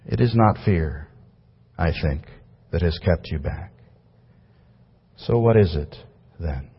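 Male preacher, mid-pitched, husky, earnest and pleading; recorded in a big hall with dull, echoing sound. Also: expressive, takes it slowly. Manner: earnest, pleading, builds to loud emphatic cries then drops low. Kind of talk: sermon. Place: large hall before a crowd.

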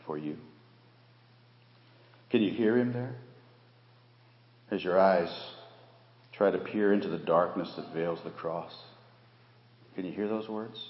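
A man preaching a Good Friday sermon as pastor. He quotes scripture, sometimes raising his voice for emphasis and sometimes dropping to a hush. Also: deep voice, slow, pauses often. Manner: quotes scripture, swings between raised emphasis and hushed delivery. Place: church sanctuary during an evening service. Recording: echoey hall, dull lo-fi sound.

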